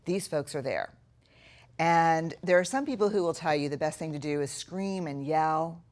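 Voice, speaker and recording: A middle-aged woman teaching a recorded lesson in a notably low voice. She speaks earnestly and reflectively and slows right down to lean on key words. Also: darkish tone. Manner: earnest, reflective, with slow emphatic stretches. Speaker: course instructor.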